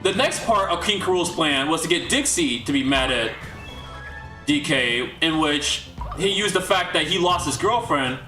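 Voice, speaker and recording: A young man hosts a livestream and chats loosely with his viewers, his rambling recap full of restarts and incredulous asides. His voice sits high and swings widely in pitch, with a bright edge. It sounds as if it was recorded in an echoey room with faint music underneath. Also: animated, moderate pace. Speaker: livestream host. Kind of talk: casual recap talk to a livestream chat.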